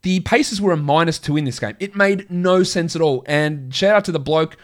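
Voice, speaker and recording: A man hosting a casual sports podcast with a crackly voice, chatty and opinionated, rattling off stats in quick lists. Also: fairly high pitch. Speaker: podcast host.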